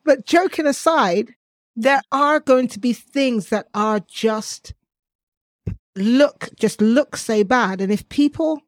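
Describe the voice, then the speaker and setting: A woman co-hosting a faith podcast in casual chat, lively and often laughing, who breaks into animated asides. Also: a little high, no echo, clean studio sound. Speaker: podcast co-host.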